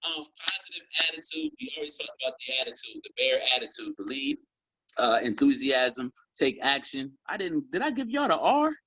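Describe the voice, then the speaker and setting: A man coaching a group on sales, talking in a casual, animated way and calling them y'all. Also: on the high side, a little fast, no room sound, low-quality recording. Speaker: sales trainer. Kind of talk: motivational training talk.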